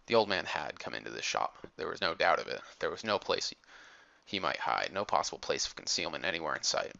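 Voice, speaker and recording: A man reading an adventure audiobook in a measured, steady storytelling manner, on a dull lo-fi recording. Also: sits low, vocal fry. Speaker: audiobook narrator. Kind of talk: audiobook narration.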